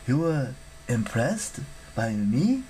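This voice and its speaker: A man's voice: medium pitch, very animated, mellow, a little hiss or hum, low-quality recording. A man reading a shy, awkward teenage boy who stammers and hesitates. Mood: hesitant. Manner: halting, stammering.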